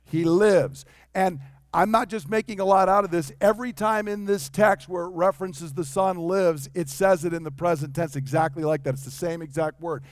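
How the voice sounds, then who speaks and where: High-voiced animated male preacher. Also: normal speed, no echo. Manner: animated, acts out quotes in varied voices. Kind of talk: sermon.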